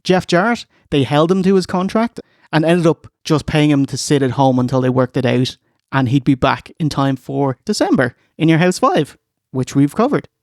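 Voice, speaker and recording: An Irish man co-hosting a casual wrestling review podcast, animated and fond of doing impressions. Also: fairly high pitch, moderate pace, no echo, studio quality. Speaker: podcast co-host.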